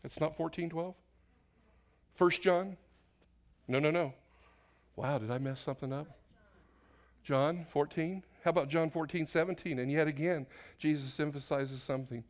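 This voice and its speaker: A man preaching from the pulpit of a church, his voice sitting a little higher than most men's. He talks loosely and casually, stumbling over verse numbers, laughing at himself and tossing questions out to the congregation. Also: moderate pace, pauses often. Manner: off-the-cuff, self-correcting, asks the congregation questions. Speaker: pastor. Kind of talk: sermon. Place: church sanctuary.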